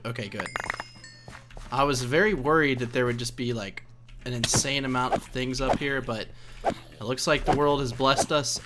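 A man's voice: medium pitch, a bit bright. A young man casually commenting on his own gameplay, rambling and laughing at himself as he goes. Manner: chatty, rambling, laughs at himself, coaxes in-game characters. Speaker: let's play host.

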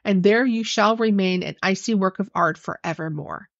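A woman voicing a courteous, coolly firm young gentleman in a storybook reading. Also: mid-range voice, normal speed, dry recording, dull audio, natural voice. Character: courteous young male master, cool, firm.

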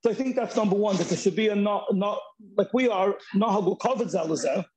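High-voiced man talking on a video call. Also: a little mellow, rough recording. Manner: halting, restarts often, mixes in Yiddish and Hebrew terms. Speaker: Zoom discussion participant. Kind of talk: casual chat.

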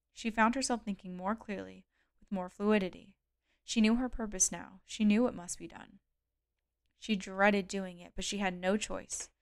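A woman reading an audiobook aloud in a calm, measured way, close to the mic. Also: medium pitch, clear, resonant tone, dry recording. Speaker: audiobook reader. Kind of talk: audiobook narration.

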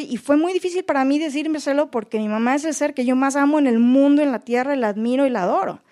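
A woman's voice: sits high, rapid-fire, few pauses, dark tone. A young woman, earnestly sharing a personal story at a retreat and translating herself, with frequent restarts. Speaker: retreat participant.

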